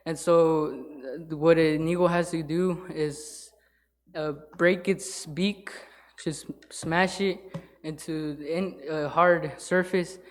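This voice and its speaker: A man speaking from the pulpit in an informal sermon. He halts often, filling gaps with fillers and starting sentences over. His voice sits slightly high for a man. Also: fairly even intonation. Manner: halting, with many fillers and restarts. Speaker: lay church speaker. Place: church sanctuary.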